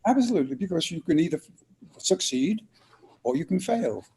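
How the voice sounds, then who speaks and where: A man's voice: on the high side, fairly quick, slight background noise. An older man from England, telling stories expressively as a guest in an interview. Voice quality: lively, expressive storyteller's delivery. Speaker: guest actor. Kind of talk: storytelling interview answers.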